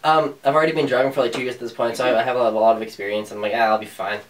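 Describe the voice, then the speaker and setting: A man's voice: medium pitch, fairly even intonation, very fast, recorded from a distance. A young man co-hosting a podcast, telling a funny story in casual chat, laid-back and joking. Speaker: podcast co-host.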